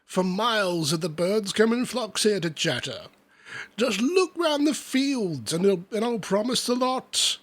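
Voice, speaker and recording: A blustering old country farmer with a threatening edge, put on by a man reading a storybook. He talks in a raised, higher voice than usual and stretches his words out theatrically. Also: animated, measured pace, a bit bright, full character voice. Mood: indignant.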